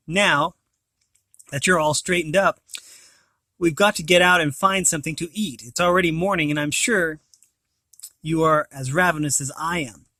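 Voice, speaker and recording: A man's voice: fairly high pitch, moderate pace, long pauses, bright, forceful tone, dry recording, clean studio sound. A man reading as a fussing mother hyena. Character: worried caring mother hyena.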